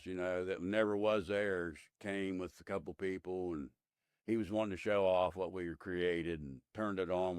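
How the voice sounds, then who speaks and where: A man's voice: deep voice, clean tone, no echo, clean studio sound. A man in his fifties, a podcast guest, telling his story in a plain-spoken, rambling way with many fillers. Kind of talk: casual interview storytelling.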